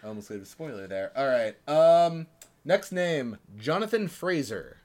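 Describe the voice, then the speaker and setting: A man co-hosting a podcast, chatting casually as he runs a quiz, with a relaxed manner, frequent fillers and the odd laugh. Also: fairly high pitch, unhurried. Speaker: podcast co-host running a quiz.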